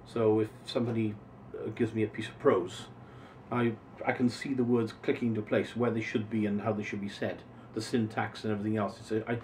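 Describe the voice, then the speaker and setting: Expressive male voice actor, slightly distant. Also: lowish voice, fairly quick. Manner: expressive, savoring individual words. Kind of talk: casual interview answers. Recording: voice a bit distant from mic, faint noise.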